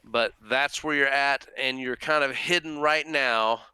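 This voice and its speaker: A man's voice: mid-range voice, a little slow, pushed and bright, clear, resonant tone. A man acting as dungeon master, explaining the map to players with frequent restarts. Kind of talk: running a tabletop game over a call.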